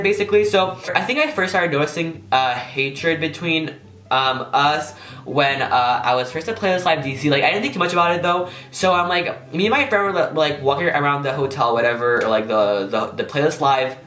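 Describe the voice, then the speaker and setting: A man's voice: a little high, fairly bright tone. A young man telling a casual storytime vlog, rambling and swearing, with "like" in almost every phrase. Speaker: YouTuber. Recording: echoey room.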